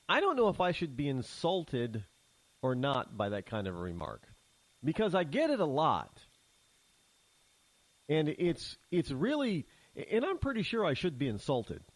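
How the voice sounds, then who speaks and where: Middle-aged man, talk host; sarcastic, combative, lively swooping delivery, dry close sound. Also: medium pitch, no echo, low-quality recording. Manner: sarcastic, combative, rambling with restarts. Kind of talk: opinionated talk radio monologue.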